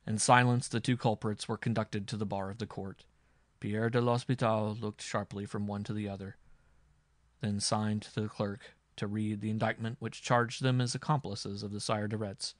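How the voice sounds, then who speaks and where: Brief: male audiobook narrator, low voice, dry close-miked sound, measured dramatic reading. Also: little pitch movement, no echo. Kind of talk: scripted narration.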